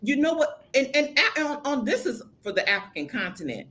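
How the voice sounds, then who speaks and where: A woman's voice: sits high, big pitch swings, a little fast, a bit bright. A woman from the United States hosting a live video Q&A, talking emphatically and straight to her viewers. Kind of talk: casual live-stream chat. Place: lives in Kenya.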